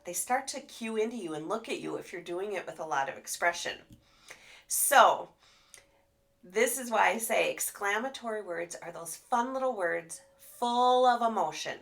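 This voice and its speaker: A woman speech therapist giving a live training talk, animated and expressive as she demonstrates sounds. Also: fairly low pitch.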